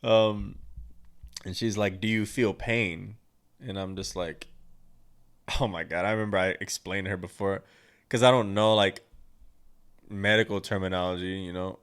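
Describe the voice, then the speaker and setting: Man, low-ish voice, casual podcast storytelling, blunt, crude, rambling. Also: fairly even intonation, normal speed, long pauses, a bit bright, clear, resonant tone. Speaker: podcast host.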